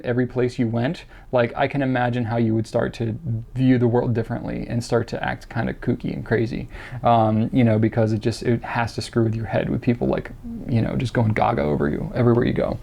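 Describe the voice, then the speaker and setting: A man's voice: medium pitch, gravelly, a little mellow. A man in his thirties hosting a viewer Q&A, chatting casually in a rambling, self-deprecating way with lots of fillers. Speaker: host answering viewer questions. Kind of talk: casual chat to camera.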